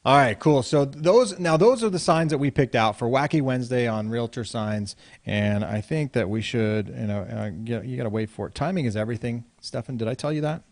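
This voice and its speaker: A man hosting a casual real estate talk show, relaxed and laughing along as he moves between segments. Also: mid-range voice, brisk, few pauses. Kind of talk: casual banter.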